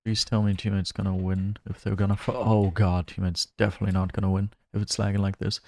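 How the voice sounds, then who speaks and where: Chatty low-voiced male game streamer. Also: flat delivery, quick pace, creaky, a little mellow, no echo. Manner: chatty, laughs often, muses aloud. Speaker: gaming streamer. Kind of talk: casual gameplay commentary.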